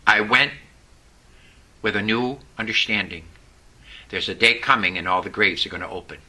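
A pastor preaches a sermon, telling personal stories and drawing call-and-response from the congregation. His fairly low voice has a sharp tone at normal speed, captured in a low-quality recording.

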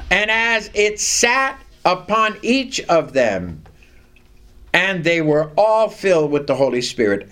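A man with a high-sitting, fairly bright voice preaches a sermon, reading scripture aloud and having the congregation repeat lines after him. He stresses key words deliberately.

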